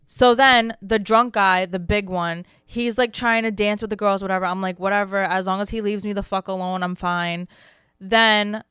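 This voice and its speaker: With a smooth, mid-range voice at a moderate pace, this young podcast co-host chats casually in a dry, studio-quality recording. Animated and freely profane, she spins stories and acts out other people's quotes.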